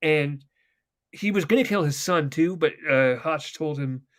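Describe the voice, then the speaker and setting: With a slightly high, unhurried voice, this young podcast host chats casually, swearing and wandering as he recounts TV scenes in long detail.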